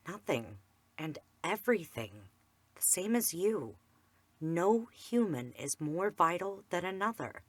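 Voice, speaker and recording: Woman podcast co-host, earnest and emphatic, slightly low voice with a bright edge. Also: dry recording. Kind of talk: faith podcast storytelling.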